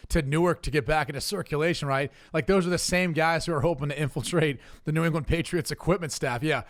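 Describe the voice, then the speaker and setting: Wry former quarterback on a podcast. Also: male voice, on the high side, quick pace, dry recording, clean studio sound. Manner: wry, easygoing, joking along. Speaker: former football quarterback, podcast guest analyst. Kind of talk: casual sports podcast chat.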